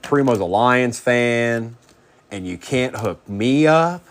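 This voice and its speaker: A man hosting a live sports card break, chatting casually and running quickly through player names. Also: mid-range voice, expressive.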